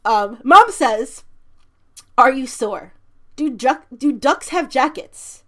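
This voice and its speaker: A woman's voice: high-pitched, lively intonation, slow, bright, forceful tone. A woman co-hosting a podcast, casually reading funny text messages aloud and giggling through them. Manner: giggly, reads quotes with playful emphasis. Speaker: podcast co-host.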